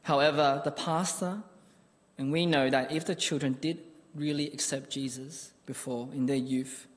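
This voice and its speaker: A man's voice: on the high side, steady tone, normal speed, long reverb tail. A man preaching a sermon, telling a personal story in an earnest, conversational way.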